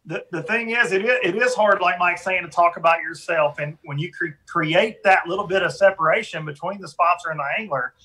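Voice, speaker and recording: Podcast host guy, bright slightly raspy voice, stumbles over starts. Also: sits high, a little fast, hardly any pauses, low-quality recording. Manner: stammers on restarts, thoughtful. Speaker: podcast host and pro angler. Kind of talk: casual chat.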